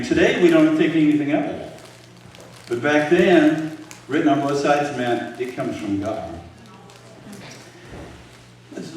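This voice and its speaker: An older man leading a relaxed Bible study, chatting and quizzing his audience as he goes. He is picked up by a distant microphone in a heavily echoing room, with faint background noise. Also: mid-range voice. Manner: conversational, quizzes the audience with questions. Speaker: Bible teacher. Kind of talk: informal Bible teaching to a live group. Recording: very echoey room, voice from far off.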